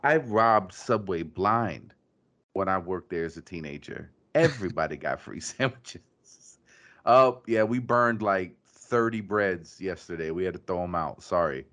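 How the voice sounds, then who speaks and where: A man's voice: low voice, unhurried, fairly bright tone. A man in casual podcast chat, laid-back and jokey, often laughing.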